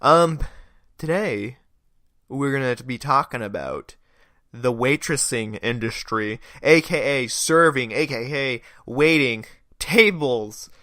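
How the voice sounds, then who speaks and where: Young dude talking solo into a close mic, rambly and jokey, a bit stuffed up, bright voice, dry sound. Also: male voice, mid-range voice, animated, slow, no echo. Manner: rambling, self-deprecating, joking. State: stuffy nose. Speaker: podcast host. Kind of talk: casual solo podcast monologue.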